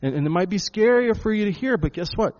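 A man's voice: sits high, lively intonation, quick pace, highs cut off. A pastor preaching a sermon to his congregation, emphatic, often repeating words and calling them folks. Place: church hall with a congregation.

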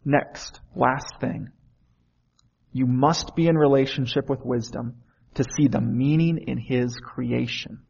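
A man's voice: medium pitch, steady tone, slow, gravelly, a little mellow, breathy edge, muffled recording. A man preaching a sermon in an earnest way, often asking the listeners questions.

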